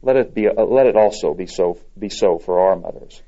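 Earnest male preacher, dark mellow tone. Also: low-pitched, fairly quick. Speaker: pastor. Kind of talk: sermon. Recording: dull lo-fi recording.

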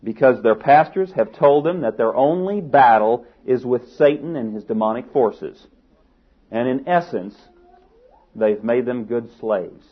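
A man's voice: mid-range voice, a little slow, slightly rough. A man preaching a sermon, asking rhetorical questions and building to emphatic peaks. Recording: tinny phone-like sermon recording.

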